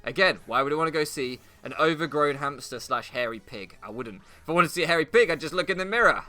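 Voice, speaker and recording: British lets-play guy, young, crude sarcastic rambling, sharp bright tone, lively pitch, game music behind. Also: quick pace. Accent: British English. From England. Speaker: gaming commentator. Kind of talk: rambling commentary over gameplay.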